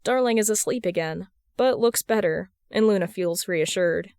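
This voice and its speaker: A woman reads a story aloud in a steady, measured audiobook manner. Her voice is smooth and clear at a medium pitch, recorded close with a dry sound and no room around it. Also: dry recording. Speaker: podfic reader. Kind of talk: audiobook narration of fan fiction.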